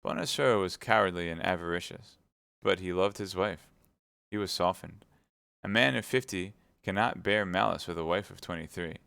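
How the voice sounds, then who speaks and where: A man reads a classic novel aloud on a live stream, narrating plainly in a low, gravelly voice. He stumbles now and then and corrects himself. The sound is dry and close, with no room echo. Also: moderate pace, fairly bright tone. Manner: plain reading with small slips and self-corrections.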